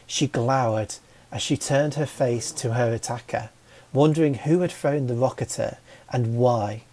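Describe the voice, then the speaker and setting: A man reading a fantasy story aloud as narrator, with a slow, even delivery. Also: medium pitch. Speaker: audiobook reader.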